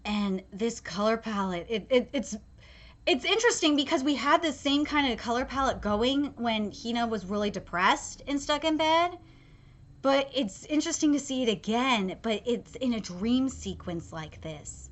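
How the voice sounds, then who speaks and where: A woman's voice: on the high side, expressive, moderate pace. A young woman giving an emotional live reaction to an anime episode, gushing and full of fillers and restarts.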